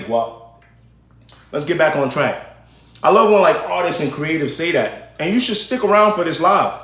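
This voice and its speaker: A man's voice: a little high, fairly bright tone. A man hosting a live stream, chatting casually and directly to his viewers as he gives commentary. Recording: roomy echo.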